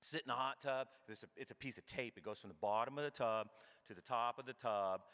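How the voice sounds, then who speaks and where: A middle-aged man giving a comedic keynote talk, animated and irreverent, acting out his own thoughts as he tells the story. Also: medium pitch, fast. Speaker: keynote speaker. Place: large conference hall. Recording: long hall reverb.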